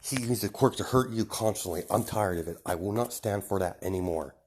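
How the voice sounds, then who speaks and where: A fierce, overprotective young twin sister who speaks in quiet, threatening tones, as a man puts her on. The voice sits low for a girl and stays close to an everyday speaking voice. It is told as a casual spoken fan story. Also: a little fast, close to an everyday voice.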